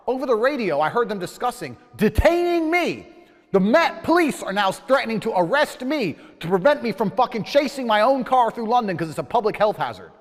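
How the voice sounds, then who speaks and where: Fast, heated man ranting profanely. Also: high-pitched, very animated, big-room sound. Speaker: storyteller. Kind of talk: animated anecdote.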